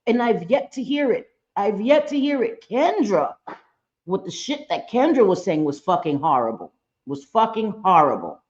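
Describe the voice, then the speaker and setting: A woman's voice: mid-range voice, sing-song, normal speed, a little mellow, lo-fi sound. Blunt, swearing woman host. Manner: blunt, profane, emphatic repetition. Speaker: reaction channel host. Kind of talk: casual commentary on a played clip.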